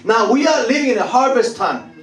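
A man's voice: very high voice, animated, brisk. A male pastor preaching a sermon, emphatic and repetitive, often laughing and calling on the congregation to answer. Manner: emphatic, repeats phrases, laughs often, calls for replies. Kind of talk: sermon with call-and-response. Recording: echoey church hall, voice from a distance.

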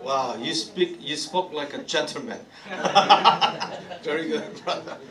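Preaching slowly in a fairly high-pitched voice, a man leads Bible study for a congregation in a church hall. He's playful and teasing, laughing often as he prompts people to respond. The recording picks him up from a distance in an echoey room, along with the crowd.

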